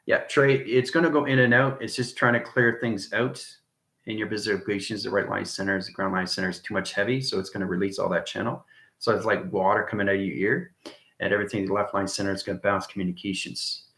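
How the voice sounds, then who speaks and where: A man's voice: lowish voice, fairly even intonation, fast, a bit bright, roomy sound. A man hosting a livestream, talking in a rambling monologue full of repeated jargon and frequent "right?" checks to his viewers. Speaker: livestream host.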